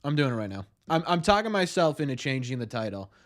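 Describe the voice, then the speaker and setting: Excitable ranting livestream host, man. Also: medium pitch, fast. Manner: excitable, ranting, greets chat by name. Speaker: live stream host. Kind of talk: casual live stream chat.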